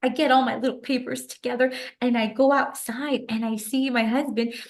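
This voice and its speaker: A woman's voice: high voice, brisk. Emotional young woman telling her story. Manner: emotional, animated retelling with frequent "like" fillers. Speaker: guest author. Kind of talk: personal storytelling in a conversational interview.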